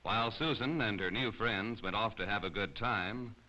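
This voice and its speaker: A man narrating a children's storybook in an expressive, animated way. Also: on the low side, moderate pace. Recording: slightly dull lo-fi recording.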